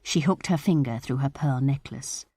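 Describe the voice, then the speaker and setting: A woman narrating an audiobook of a short story in a measured, expressive way. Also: extremely low pitch, slightly rough, dry recording, studio quality.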